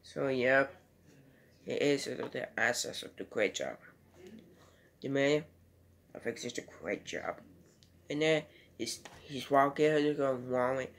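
A man's voice: medium pitch, slow, long pauses, a bit bright, a little hiss or hum. A man giving a casual home video movie review and retelling scenes in a rambling, loosely strung way.

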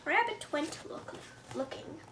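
A woman's voice: high voice, expressive, measured pace, a bit bright. A woman reading a children's picture book aloud, with chatty asides to her cat between pages, and faint background noise. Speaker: storybook reader.

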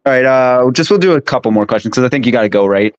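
A man hosting a stream, asking a guest questions in quick, casual chat. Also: mid-range voice, expressive, highs cut off. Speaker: stream host interviewer.

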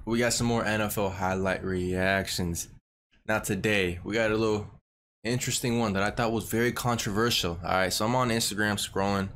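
A young man hosting his channel, reacting to football highlights in a casual, rambling way, swearing often and calling everyone bro. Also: steady tone, a little fast, fairly bright tone, a little hiss or hum. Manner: slangy and profane, says bro constantly; rambling with frequent restarts. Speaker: reaction video host.

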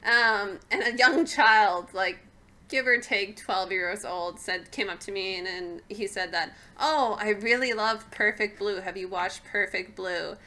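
A woman's voice: medium pitch, measured pace, pushed and bright. A young woman from Canada co-hosting a podcast, chatting casually, laughing often and trailing off mid-sentence. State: hiccuping. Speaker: podcast co-host. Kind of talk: casual chat.

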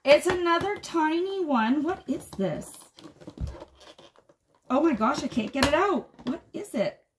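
A woman unboxing a doll advent calendar on a vlog, gushing and gasping with excitement as she talks straight to her viewers. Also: high-pitched, measured pace, heavy background noise. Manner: gushing, excitable, frequent gasps and exclamations. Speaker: doll collector vlogger.

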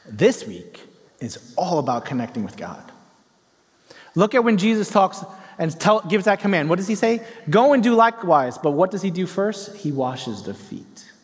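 High, lively man preaching in a reverberant hall. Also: normal speed, long pauses. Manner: animated storytelling preacher, tender and earnest. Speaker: pastor. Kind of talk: sermon. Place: large church hall.

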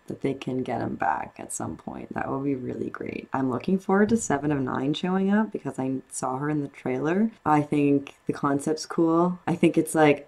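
A young woman hosting a reaction video, gushing excitedly in a casual review full of fillers. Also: very deep voice, creaky.

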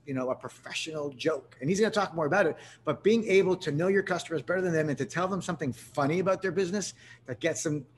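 A man's voice: on the high side, quick pace, slight background noise. A man from Canada hosting a live sales webinar, talking energetically with lots of restarts and fillers. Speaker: webinar host.

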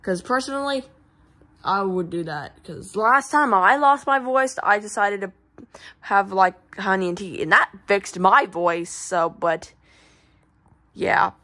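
A woman's voice: medium pitch, unhurried, sharp tone. A woman voicing a rambling mechanic doctor. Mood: rambling advice. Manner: rambling, unsure, full of restarts.

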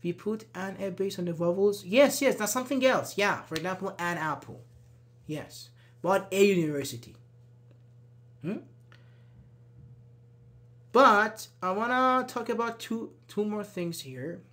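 A man's voice: high voice, measured pace, long pauses, fairly bright tone. Man teaching a live grammar class. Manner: interactive, answers viewers' comments by name; patient explaining, repeats example phrases. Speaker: English teacher.

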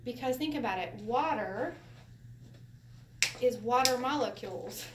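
In a relaxed, informal Bible class, a woman with a fairly high voice teaches Bible Hebrew at a measured pace. She's lively, laughs often, and explains through rhetorical questions, heard from a distance in a roomy, echoing space over a faint hiss.

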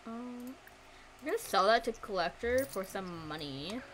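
A woman's voice: medium pitch, expressive, measured pace, fairly bright tone. A young woman streaming a life-simulation game, chatting casually to her viewers and coaxing her characters along. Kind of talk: casual gameplay commentary.

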